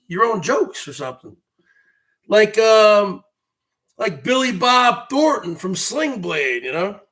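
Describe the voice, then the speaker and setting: A man hosting a livestream, ranting and mocking viewers, often breaking into shouts. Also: high voice. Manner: mocking, scolding, bursts into shouting. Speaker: livestream show host.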